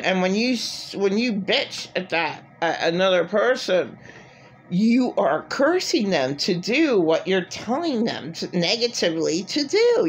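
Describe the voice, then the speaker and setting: A woman's voice: mid-range voice, very animated, measured pace, a little hiss or hum. A middle-aged woman talking in an agitated, rambling personal monologue full of filler words. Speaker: vlogger.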